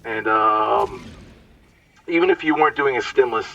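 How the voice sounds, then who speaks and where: A man's voice: medium pitch, moderate pace, creaky, a bit bright, recorded from a distance, dull audio, a little hiss or hum. A man giving casual, explanatory commentary over his gameplay, sometimes stumbling over words.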